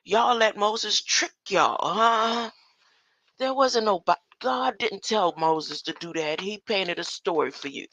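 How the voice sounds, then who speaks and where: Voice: mid-range voice, animated, slow, bright, forceful tone, no room sound. An older speaker in a rambling solo monologue who reads scripture verses aloud, argues with them, laughs often and keeps asking "huh?". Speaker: self-styled scripture commentator.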